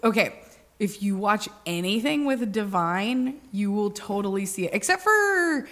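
A woman's voice: mid-range voice, expressive, measured pace, a bit bright. A young woman co-hosting a podcast in casual chat, talkative, laughing often and swearing casually. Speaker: podcast co-host.

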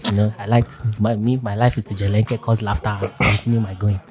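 A man's voice: fairly low pitch, level tone, fast talker, a little mellow, faint music behind. A man hosting a podcast, joking and laughing as he hypes up his guests. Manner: playful, laughing, hype-man introductions. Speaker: podcast host. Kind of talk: casual chat.

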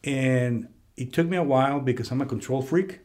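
A man hosting a casual talk, telling a personal story in a conference room, lively when he quotes other people. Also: medium pitch, moderate pace. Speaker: podcast host. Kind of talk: casual conversation. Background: heater running.

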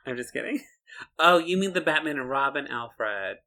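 A man's voice: mid-range voice, animated, moderate pace, pushed and bright. A man co-hosting a podcast, chatting casually about a cartoon and laughing often. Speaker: podcast co-host. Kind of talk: casual chat reviewing a cartoon.

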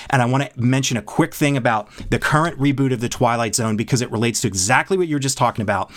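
A man in an animated casual discussion, passionately retelling a show's plot while clearly worked up about it. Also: medium pitch.

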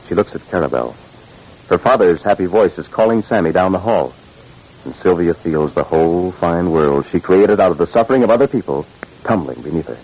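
Male radio narrator, deep voice, measured, dramatic. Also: darkish tone, husky, poor audio.

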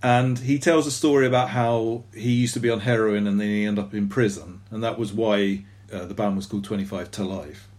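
A man's voice: on the low side, steady tone, brisk, few pauses, darkish tone. A man co-hosting a podcast in casual chat, rambling and self-deprecating with lots of fillers. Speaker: podcast co-host.

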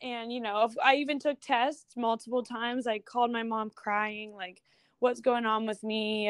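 A woman's voice: fairly high pitch, dry recording. Chatty young woman telling a story. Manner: chatty, with restarts and quick asides. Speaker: guest photographer. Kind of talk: casual interview.

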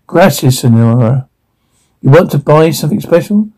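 A man's voice: on the high side, expressive, moderate pace, warm tone. An actor playing an overeager salsa salesman who puts on a thick fake Spanish-flavored accent. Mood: hammy, salesy. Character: overeager male salsa vendor hamming up an accent. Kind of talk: sitcom acting.

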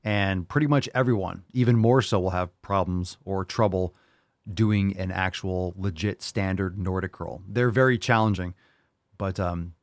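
Brash, joking male host, low voice, dry close sound. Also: normal speed, no echo. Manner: brash, jokey, swears freely, bursts of loud enthusiasm. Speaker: podcast host answering listener questions. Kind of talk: casual fitness podcast chat.

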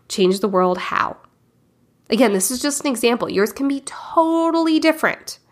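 A woman's voice: a little high, expressive, normal speed. A woman hosting a podcast, giving frank and direct self-help coaching and casually swearing. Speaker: podcast host.

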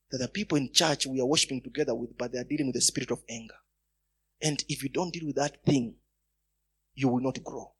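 Husky preacher man. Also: fairly high pitch, a bit bright. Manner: storytelling, rising to emphatic bursts. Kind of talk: sermon with personal stories.

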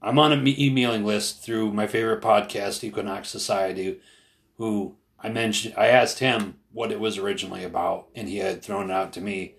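Gravelly low-voiced man in earnest chat. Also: fairly quick. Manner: hesitant, many fillers and restarts; earnest, retells others with raised animated voice. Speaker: podcast co-host. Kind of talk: casual conversation.

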